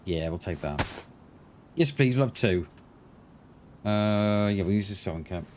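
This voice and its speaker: Swearing freely while live-streaming a survival game, this father of a schoolboy talks casually in a fairly low, darkish voice. His pace is measured and his intonation lively, and background noise is clearly audible.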